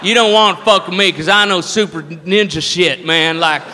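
A man's voice: sits high, fairly even intonation, normal speed, pushed and bright, in a large hall, slight background noise. A man, doing a swaggering, threatening drunk redneck bar brawler in a stand-up comedy set. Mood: blustering threat.

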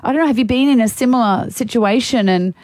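A woman's voice: on the high side, fast, darkish tone, no room sound, clean studio sound. A young Australian woman radio host telling a story in a chatty, rambling way, with lots of restarts. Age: young adult. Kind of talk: casual on-air storytelling. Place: radio studio. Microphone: studio mic.

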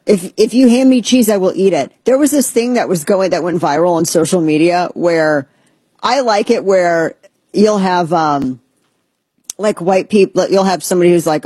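Husky, sarcastic ranting woman host. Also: normal speed, dark tone, dry recording. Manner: sarcastic, ranting, mocks others in squeaky voices. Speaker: podcast host. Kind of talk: casual opinionated commentary.

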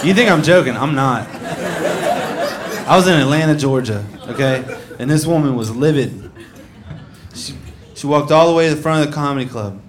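A man's voice: medium pitch, animated, moderate pace, long pauses, a crowd in the background. A male stand-up comedian telling stories with a dry, wry delivery, in a live recording with background noise.

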